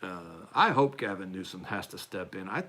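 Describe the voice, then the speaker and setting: A man's voice: deep voice, lively intonation, normal speed, pushed and bright. A man hosting a casual political live-stream chat, rambling and self-deprecating, with frequent restarts. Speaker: podcast host.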